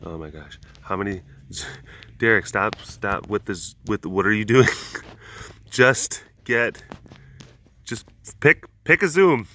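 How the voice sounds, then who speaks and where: A man's voice: lowish voice, takes it slowly, long pauses, bright, forceful tone. A man vlogging outdoors at an animal facility, making playful, jokey asides to viewers and to the animals. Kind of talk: casual chat.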